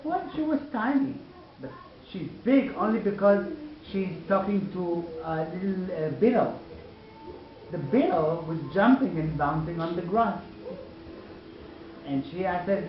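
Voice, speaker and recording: Animated woman telling a slow story. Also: fairly low pitch, reverberant, lo-fi sound, soft background music. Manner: animated, slow and coaxing, with asides to the child. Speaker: parent telling a story to a child. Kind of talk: storytelling to a small child.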